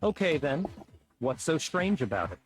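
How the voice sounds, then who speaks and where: A man's voice: on the high side, very animated, moderate pace, over loud music. An actor voicing an arrogant, condescending rich young man in a game. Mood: haughty. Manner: haughty, condescending. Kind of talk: game dub acting.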